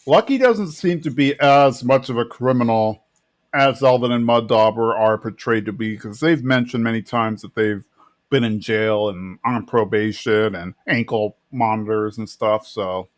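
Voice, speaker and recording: A man co-hosting a podcast, casually retelling scenes and quoting characters in a relaxed chat. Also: medium pitch, normal speed. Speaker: podcast co-host. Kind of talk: casual chat recapping a TV episode.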